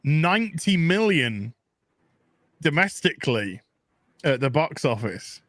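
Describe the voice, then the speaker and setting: A man's voice: a little high, a bit bright, no echo. A man joining a live stream as a guest, bantering playfully and joking about comics and food. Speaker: guest co-host. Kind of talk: casual chat on a live stream.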